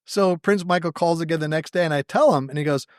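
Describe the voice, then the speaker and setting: A fairly high-voiced man spins a story as a podcast guest, acting out each quoted line with a wry, self-deprecating humor. His voice is recorded close and dry, with no room sound around it. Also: fast talker, dry recording. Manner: animated storyteller who acts out quoted dialogue. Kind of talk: anecdotal storytelling in conversation.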